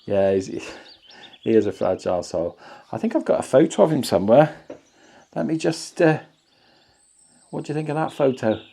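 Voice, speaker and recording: Gravelly and husky, this man's medium-pitched voice is dark and very animated, moving at a normal speed with frequent pauses. He's a camping vlogger filming his back-garden camp outdoors on a phone, chatting cheerfully, jokily and enthusiastically. The recording is dry.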